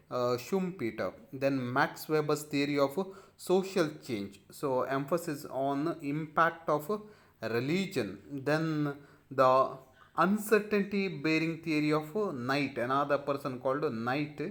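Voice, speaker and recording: A man with an Indian English accent giving a recorded lecture to students, pausing often with fillers and reading points aloud before explaining them. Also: fairly high pitch, fairly bright tone. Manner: halting, many filler pauses; reads slide text aloud, then explains. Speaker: teacher.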